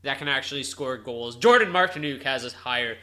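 A man's voice: mid-range voice, brisk, bright, forceful tone. A man co-hosting a casual sports podcast, laid-back and joking. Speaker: podcast co-host. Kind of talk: casual chat.

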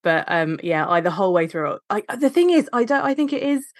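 A woman in a casual podcast conversation, giving opinionated takes in a lively way. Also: medium pitch, no echo, clean studio sound. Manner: lively, opinionated, quick to laugh. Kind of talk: casual film discussion.

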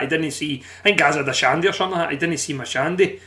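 Scottish guy on a podcast, bit high pitched, tells stories loud and sweary. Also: fast talker, hardly any pauses. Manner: animated storytelling, swears freely. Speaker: podcast panelist. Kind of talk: casual chat. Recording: live podcast stream.

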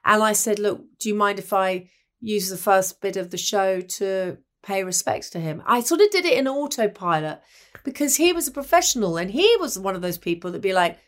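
A woman's voice: medium pitch, expressive, normal speed. A woman from England, a broadcaster, reminiscing in conversation and acting out the voices of people she quotes. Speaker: broadcaster and guest.

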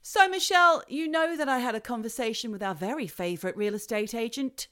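A woman hosting a chat show, telling a story in a chatty, animated way. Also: a little high, brisk, music in the background. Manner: animated, chatty, acts out quotes. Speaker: podcast host.

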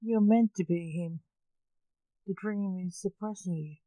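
Casting: woman reading as a calm, earnest male dream spirit in a storybook, low-key and unhurried, mellow tone. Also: no echo, natural voice, poor audio.

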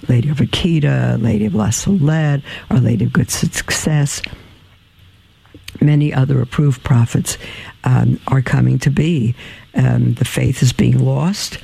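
A tired man hosting a religious radio program, answering listener mail in a halting, plain-spoken way with many ums and restarts. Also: medium pitch, vocal fry, warm tone, husky, low-quality recording. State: tired and yawning. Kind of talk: religious call-in radio talk.

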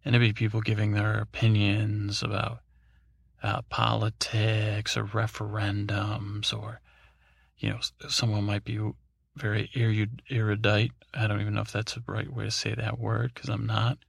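A man's voice: lowish voice, completely flat delivery, normal speed, vocal fry, breathy edge, no room sound. A man hosting a podcast, telling a meandering, drowsy bedtime story with many fillers and restarts. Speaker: podcast host.

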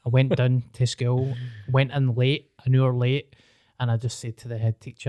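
A man's voice: mid-range voice, level tone, moderate pace, dark tone, no echo. A man with a Scottish accent telling a story on a podcast in a blunt, sweary way. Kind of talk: casual chat.

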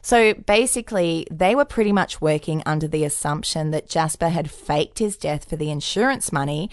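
A woman's voice: deep voice, normal speed, no room sound, clean studio sound. A woman co-hosting a podcast, telling a true crime story in a casual, jokey way full of puns. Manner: jokey, punny, lively storyteller.

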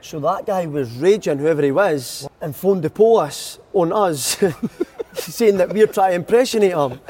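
A man's voice: sits high, measured pace, warm tone, slight background noise. A young Scottish man, a footballer telling stories in a casual podcast chat, laughing often. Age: young adult. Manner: chatty storyteller, laughs a lot.

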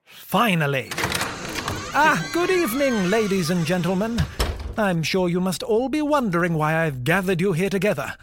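A man's voice: high voice, big pitch swings, moderate pace, noisy background. A man playing a pompous, bumbling detective inspector in a vaudeville-style radio comedy. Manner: pompous, theatrical.

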